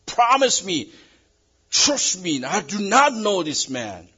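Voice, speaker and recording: A preacher acting out a panicked Peter swearing denials. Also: male voice, high voice, big pitch swings, takes it slowly, slightly rough, dull audio, pitched above the performer's own voice, full character voice. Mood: desperate denial. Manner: loud, emphatic pleading. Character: the apostle Peter, frightened grown man denying.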